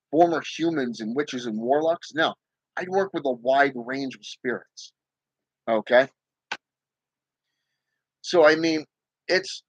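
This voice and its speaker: On his own channel's casual livestream, a man in a mid-range voice talks emphatically about spirit work, repeatedly asking viewers "okay?" and saying "you know." The audio quality is poor, though there's no echo.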